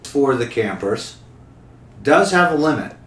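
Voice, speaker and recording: With a very animated, mid-range voice and a fairly bright tone, a young podcast host takes his time as he playfully quizzes guests in a rambling, casual interview. Faint hum sits behind the roomy recording.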